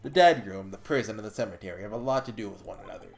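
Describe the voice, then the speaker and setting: A let's player voicing a gruff older Scottish prison governor, reading game dialogue in a slow, low, halting put-on brogue. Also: a little mellow, faint music behind, natural voice. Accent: attempted Scottish.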